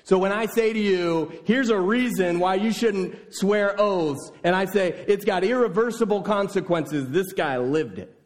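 A man preaching a sermon, telling a scripture story with lively, voiced exclamations. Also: sits high, measured pace, hardly any pauses.

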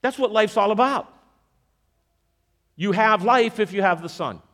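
High-voiced animated male preacher. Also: measured pace. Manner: animated, questioning the audience, repeating verses for emphasis. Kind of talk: sermon with a magic trick object lesson.

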